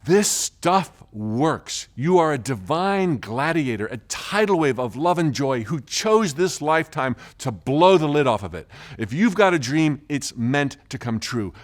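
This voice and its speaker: A man telling stories in a self-help course, animated and enthusiastic. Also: mid-range voice. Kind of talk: storytelling course talk.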